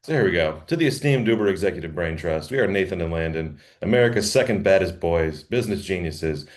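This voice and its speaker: Brief: male comedy co-host, very low and lively voice, chuckles through his lines. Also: quick pace. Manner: reads a draft aloud, laughing often between lines. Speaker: podcast co-host. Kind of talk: casual comedic chat.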